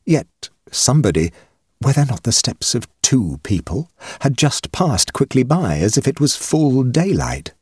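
A man narrating a ghost story in an expressive audiobook reading. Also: mid-range voice, normal speed, husky, no echo, studio quality.

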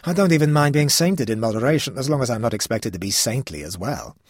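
A man's voice: medium pitch, expressive, fast, husky, no room sound, clean studio sound, voice pushed up. A man voicing a petulant, hot-tempered young pagan king who talks in an indignant, haughty, sulky way.

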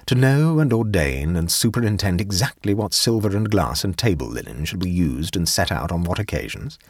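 A man reading a story aloud, voicing a sly, mischievous young gentleman who speaks with measured, deadpan gravity. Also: low voice, breathy edge, no room sound, clean studio sound, pitched above the performer's own voice, heavily acted. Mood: grave. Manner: measured, deadpan, arch delivery. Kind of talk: audiobook character voice.

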